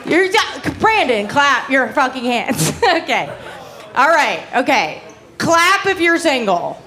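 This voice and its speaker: A young woman working a comedy club crowd with a high, bright voice. Her delivery is brash and foul-mouthed. She keeps laughing at her own jokes into a handheld stage mic. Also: big pitch swings, slow pace, slight background noise. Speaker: stand-up comedian. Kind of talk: stand-up comedy set. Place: comedy club stage before a live audience.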